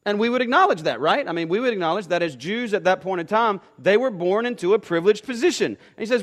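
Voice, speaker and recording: A man's voice: high-pitched, animated, quick pace, hardly any pauses. A pastor preaching a sermon to his congregation, emphatic and repeating key phrases, often asking rhetorical questions.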